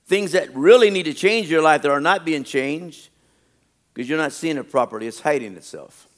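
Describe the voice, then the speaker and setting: A man's voice: a little high, lively intonation. A pastor preaching a sermon, repeating his phrases and stressing them with rising emphasis. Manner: reads a list slowly and deliberately.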